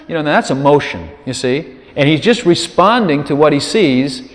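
His voice sits fairly high and moves at a moderate pace, full of expression, as he preaches an informal, chatty sermon. Frequent "you know" asides are aimed at the audience, and when he quotes prayers he performs them louder. The sound carries a long hall reverb.

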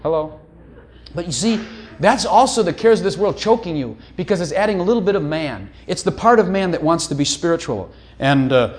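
A man's voice: a little high, animated, moderate pace. A middle-aged man preaching a sermon in a conversational, teasing way, often breaking off to ask "hello".

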